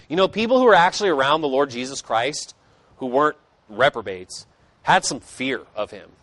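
Man preaching a sermon, fairly high voice, emphatic, chatty asides, dry close sound. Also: animated, fairly quick, a bit bright, dry recording. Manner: emphatic, conversational asides, rising and falling intensity.

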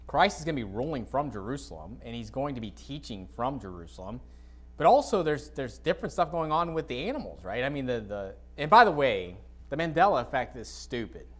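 A man preaching an informal sermon to a congregation, reading scripture and adding blunt, dismissive asides while often clearing his dry throat. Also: medium pitch, sing-song, fairly quick. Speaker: pastor. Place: church sanctuary, speaking to a congregation.

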